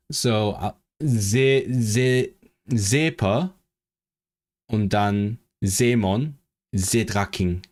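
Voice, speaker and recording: A man chatting casually on a live stream, thinking aloud and eagerly sounding out foreign words. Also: lowish voice. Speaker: language-learning streamer.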